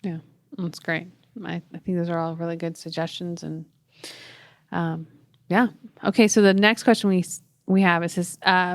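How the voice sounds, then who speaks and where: A woman's voice: lowish voice, flat delivery, normal speed, no echo, clean studio sound. A woman co-hosting a casual faith-based podcast, talking in a reflective, agreeable way. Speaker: podcast co-host.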